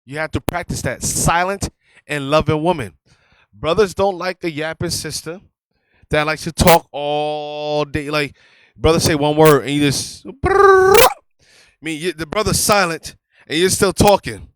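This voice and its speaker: A man's voice: a little high, moderate pace, clean tone, no room sound, low-quality recording. A man teaching a religious class in an emphatic, conversational sermon style, often repeating his key phrases.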